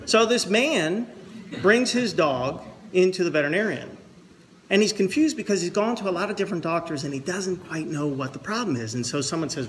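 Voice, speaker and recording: A slightly high-pitched man delivers a eulogy at a memorial service, earnest and reflective. He tells jokes in between as a storyteller. A faint hum of the room sits behind him. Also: animated, a little fast. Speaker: son giving a eulogy. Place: memorial service with a pastor present.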